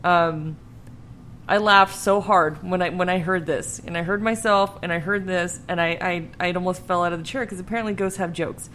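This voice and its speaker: A woman's voice: lowish voice, fairly even intonation, normal speed, fairly bright tone, slight background noise. Chatty woman hosting a ghost podcast. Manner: chatty, laughing, swears freely. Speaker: podcast host. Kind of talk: casual podcast talk.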